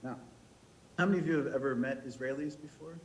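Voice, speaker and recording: An American man from the United States telling a humorous story as a rabbi leading services, with quick restarts. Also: mid-range voice, a little hiss or hum, rough recording. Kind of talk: storytelling sermon.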